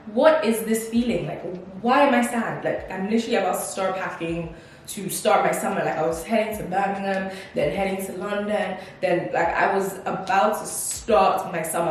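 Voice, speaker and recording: A woman in her twenties chatting in a casual, reflective vlog, full of fillers and acted-out quotes. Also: mid-range voice. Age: 20s. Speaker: vlogger. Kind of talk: casual life-update vlog. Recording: distant mic in a very echoey room with faint noise.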